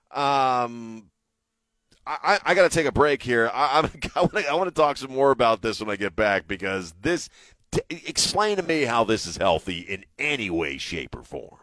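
A man's voice: medium pitch, animated, moderate pace, fairly bright tone, no echo. Give me a middle-aged male talk radio host who stammers and repeats himself, dry studio mic. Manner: stammering, repeats words, chuckles. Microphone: studio microphone.

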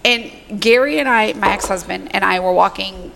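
A middle-aged woman telling a story in casual podcast chat, animated and profane. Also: mid-range voice, moderate pace, creaky, slight background noise. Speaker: podcast guest.

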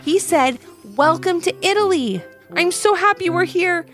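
An eager, excited young boy from a storybook, voiced by a woman narrator. His voice is high and bright, leaping up on every line. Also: a little slow, soft background music.

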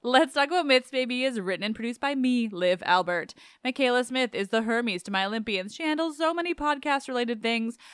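A woman's voice: a little high, fairly quick, hardly any pauses, clean tone, dry recording. Woman podcast host, chatty, laughs a lot, dry close mic. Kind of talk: casual podcast chat. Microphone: home podcast microphone.

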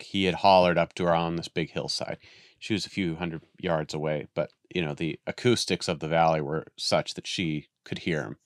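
A low-voiced man, recorded cleanly in a studio with no room sound, is a guest on a dog training podcast. In casual conversation he rambles through a long story, restarting often and acting out the voices of the people in it.

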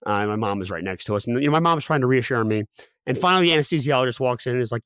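A man's voice: medium pitch, fast talker, a bit bright, clean tone, no room sound, studio quality. A young man telling a personal story as a guest, candid and full of fillers and restarts.

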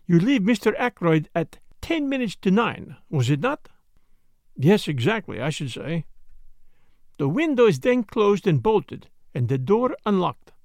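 A man's voice: high voice, gravelly, no echo, studio quality, voice pushed up, exaggerated voice. A man voicing a precise little detective. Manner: precise, methodical, faintly amused. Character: fussy precise little male detective, methodical. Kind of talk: audiobook character voice.

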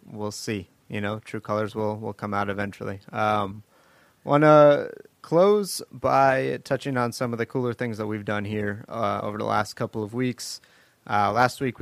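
Low-voiced man hosting a casual chat. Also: vocal fry, no room sound. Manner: loose, laughing storyteller with many fillers. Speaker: podcast host.

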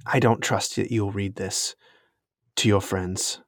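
A man's voice: on the low side, steady tone, takes it slowly, no echo, clean studio sound. A man voicing a mysterious, secretive robed woman who sounds haughty and guarded.

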